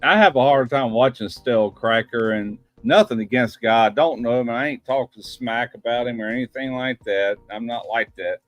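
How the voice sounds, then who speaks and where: A man's voice: mid-range voice, normal speed, few pauses, dry recording, muffled recording. A man hosting a casual live-stream chat, rambling in a folksy, plain-spoken way. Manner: rambling, folksy, drops "ain't". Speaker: host. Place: home studio live stream.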